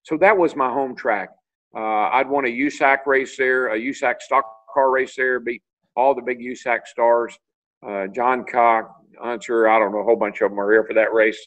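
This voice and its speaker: A man's voice: medium pitch, steady tone, moderate pace, fairly bright tone, poor audio. An older man from Tennessee, telling long anecdotes as a guest on a video call interview, full of restarts and fillers. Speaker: interview guest, retired racing driver.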